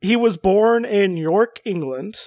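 A man's voice: high-pitched, takes it slowly, darkish tone, dry recording. A man co-hosting a casual podcast chat, reading out a character profile with joking asides. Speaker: podcast co-host.

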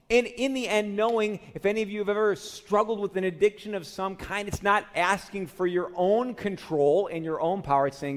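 A male pastor from the Chicago area delivers a sermon in a church sanctuary, his voice sitting somewhat high for a man. He speaks earnestly and keeps turning his teaching into heartfelt prayers to the Lord, and the room lingers on each phrase with a long reverb. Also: normal speed. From Chicago area, USA. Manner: earnest, steps into quoted prayers addressing the Lord. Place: church sanctuary during a communion service.

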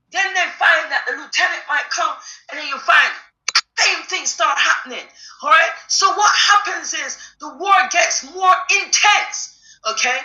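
A woman preaching a sermon, talking emphatically and breaking into shouts, acting out demons and believers in quoted voices. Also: high voice. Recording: echoey room.

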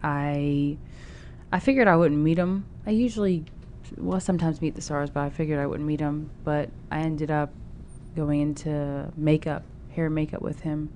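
Low-voiced woman chatting as a guest. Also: steady tone, moderate pace, dark tone, a little hiss or hum. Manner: chatty, with many fillers and restarts. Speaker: actor guest. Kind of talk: casual interview chat.

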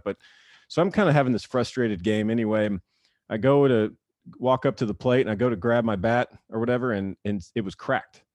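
With a lowish voice and no room sound on the recording, a man in his thirties who used to play baseball shares stories in a relaxed interview. He's animated, acting out the quotes and laughing frequently.

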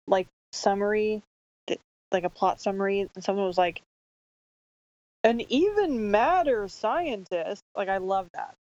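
A woman co-hosts a casual film podcast, cracking sarcastic jokes and swearing freely. Her voice comes through dry and slightly muffled, at an average pitch. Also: darkish tone, dry recording. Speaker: podcast co-host. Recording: dull, dry sound.

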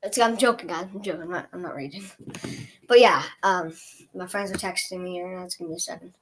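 Excitable young woman trash-talking mid-game. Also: lowish voice, fast talker, background noise. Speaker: gaming streamer. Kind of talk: live gameplay commentary.

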